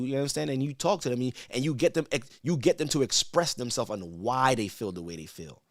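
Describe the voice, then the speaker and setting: A man who is a church elder, teaching from the Bible in a casual, conversational way, asking rhetorical questions and reading verses slowly with emphasis. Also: mid-range voice, lively intonation, dry recording, studio quality. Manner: conversational, asks rhetorical "right?", stammers repeats.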